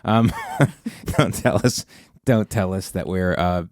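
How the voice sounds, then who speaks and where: Low-voiced rambling male podcast host. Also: takes it slowly, darkish tone, no echo, clean studio sound. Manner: rambling, self-interrupting, sarcastic. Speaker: podcast host and stand-up comedian. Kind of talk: casual podcast chat.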